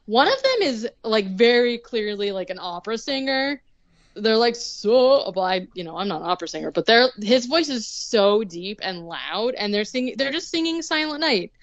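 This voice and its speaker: A woman's voice: on the high side, big pitch swings, moderate pace, no echo, highs cut off. A young woman casually recapping a movie on a podcast, sarcastic and rambling, full of "like" and the odd swear word.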